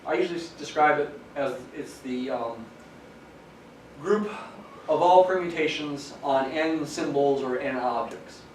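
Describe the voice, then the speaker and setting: A man's voice: fairly high pitch, measured pace. A man, a math professor, giving a classroom lecture, explaining step by step and stressing key words. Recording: echoey classroom from some distance, faint hiss.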